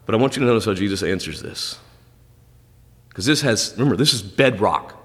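A man preaching a sermon as a pastor, his voice jumping up on emphasis and dropping low on quiet asides. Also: a little fast. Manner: animated preaching, pitch jumping high on emphasis. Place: church sanctuary. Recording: long hall reverb.

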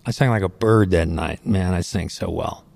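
A man's voice: low voice, normal speed, creaky, a little mellow, no echo. A middle-aged man, a Christian singer, earnestly tells his testimony in a conversational way, often saying "you know", on a close studio microphone. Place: recording studio.

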